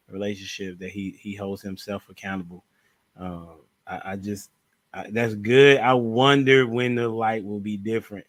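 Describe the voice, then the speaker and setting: A man hosting a podcast, speaking softly and hesitantly, often trailing off. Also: on the low side, no room sound. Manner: soft-spoken, trailing off, hesitant. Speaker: podcast host. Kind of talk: casual podcast chat.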